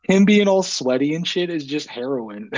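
A man's voice: on the high side, lively intonation, moderate pace, darkish tone. An enthusiastic man co-hosting a casual movie commentary. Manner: enthusiastic, says "dude" a lot. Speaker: podcast co-host. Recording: dull, muffled mic.

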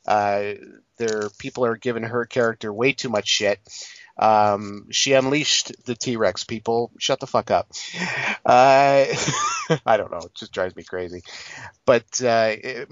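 A man's voice: fairly low pitch, sing-song, measured pace, dry recording, muffled recording. A man in his late twenties giving a rambling, profane, casual movie review, full of fillers. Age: 20s. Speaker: film reviewer.

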